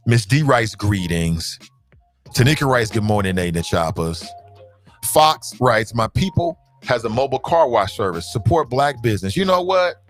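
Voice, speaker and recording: Male talk show host, casual and animated, lively pitch, faint music under him. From Cincinnati, United States. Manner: animated, casual banter with the audience. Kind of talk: live talk show reading viewer comments.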